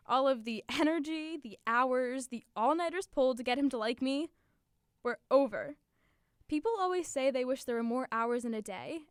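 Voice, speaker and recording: A teenage girl hosts a scripted podcast monologue in a chatty, confiding, upbeat manner. Her slightly high voice is smooth and clear, recorded dry with no room sound.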